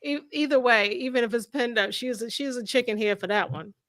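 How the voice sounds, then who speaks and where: Woman co-host, 40s, sassy and animated, higher voice, dry close sound. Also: brisk, no room sound. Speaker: podcast co-host. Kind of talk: casual chat.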